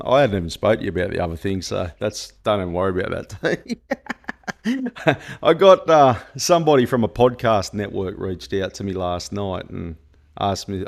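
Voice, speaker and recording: Australian male podcast host, low gravelly voice, relaxed and sweary. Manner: loose, sweary, laughing chatter. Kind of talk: casual football podcast chat.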